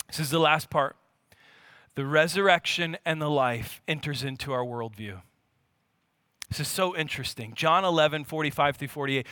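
Passionate man preaching in a bright voice. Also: no room sound. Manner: passionate preaching, swinging from loud and high to soft and low. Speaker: pastor. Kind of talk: sermon.

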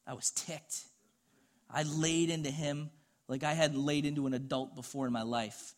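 A middle-aged male pastor delivers a sermon in an earnest, conversational voice. His voice sits a little higher than most men's. He talks like he is telling a story to a congregation. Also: fairly even intonation, moderate pace.

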